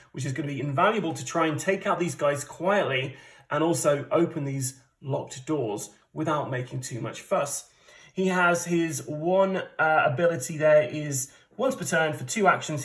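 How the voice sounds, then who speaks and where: A man from the UK hosting a casual solo board game playthrough, chatty, rambling and self-deprecating as he explains the setup. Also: on the high side. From United Kingdom. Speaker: board game channel host.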